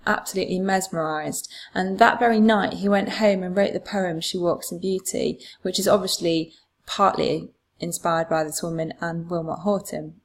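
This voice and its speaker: A woman's voice: mid-range voice, gravelly. A woman teacher, patiently explaining a poem for exam revision with frequent fillers. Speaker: English teacher.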